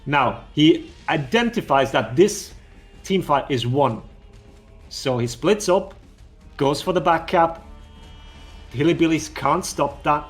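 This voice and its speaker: A man explaining game clips as a guest analyst in a casual, relaxed way. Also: on the high side, slow pace, pauses often, soft background music.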